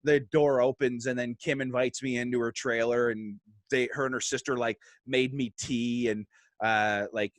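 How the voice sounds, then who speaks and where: Animated, swearing storyteller man. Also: mid-range voice, moderate pace, no room sound, clean studio sound. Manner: animated, swearing, acts out quotes. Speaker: podcast guest. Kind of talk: casual storytelling.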